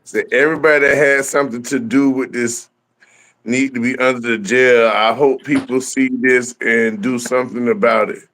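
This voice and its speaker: A man's voice: mid-range voice, fairly even intonation, moderate pace, a bit bright. A man joining a livestream as co-host, laid-back and agreeable. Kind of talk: casual livestream chat.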